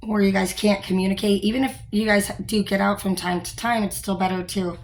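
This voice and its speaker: A woman's voice: mid-range voice, flat delivery, fairly quick. Rambling young woman in casual chat. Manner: rambling, frank, with frequent fillers and mild swearing. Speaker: store manager.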